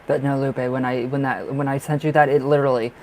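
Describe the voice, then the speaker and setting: A man's voice: medium pitch, flat delivery, fast, a little mellow, slight background noise, rough recording. A man hosting a live tarot reading stream, chatting casually and expressively with viewers and laughing often.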